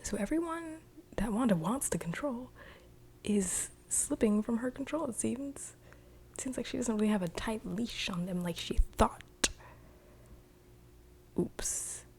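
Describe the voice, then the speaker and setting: A woman's voice: a little high, animated, moderate pace, gravelly, a little mellow, a little hiss or hum. A young woman casually recapping a TV episode in a chatty, rambling way, full of "like.". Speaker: video reviewer.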